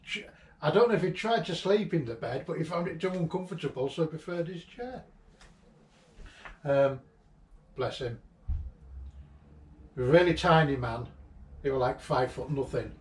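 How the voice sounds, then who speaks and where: A man's voice: a little high, lively intonation, normal speed, pauses often. A man, fondly recalling a late friend in a rambling, chuckling way. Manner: fond, chuckling, loosely ordered storytelling. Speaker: vlogger sharing memories of a late friend. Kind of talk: rambling personal reminiscence. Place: inside an old house being cleared. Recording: roomy, distant mic, faint background noise.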